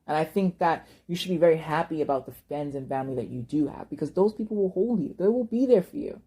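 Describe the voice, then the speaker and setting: Husky-voiced young woman ranting passionately. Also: low-pitched, animated, fast talker, warm tone. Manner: impassioned, ranting, curses, repeats words when worked up. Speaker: vlogger. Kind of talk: emotional personal monologue.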